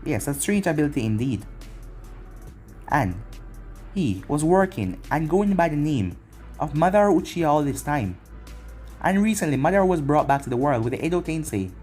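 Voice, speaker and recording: A man reading a fan-made anime story as narrator, plain and unhurried. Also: a little high, sing-song, a little mellow, faint music behind.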